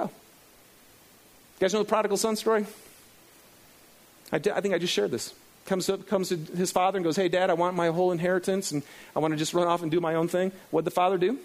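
A middle-aged man preaching a sermon to a congregation, animated and acting out his own inner dialogue. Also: high-pitched, fairly quick, long pauses. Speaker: pastor. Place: in front of a congregation.

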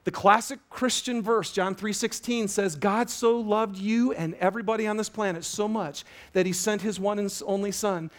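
High-voiced man preaching with passion. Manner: animated preaching, swinging from loud emphasis to hushed, drawn-out words. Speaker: pastor. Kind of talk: sermon. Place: church auditorium with a congregation.

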